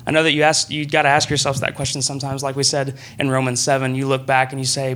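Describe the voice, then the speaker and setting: A young man preaching a sermon in a church room, earnest and conversational, breaking into excited bursts. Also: mid-range voice, fast talker.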